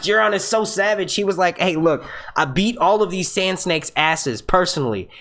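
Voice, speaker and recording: Excitable, profane man on a live stream. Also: fairly high pitch. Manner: excitable, profane, rambling with restarts. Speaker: host of a live review stream. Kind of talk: casual live-stream commentary. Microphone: webcam setup.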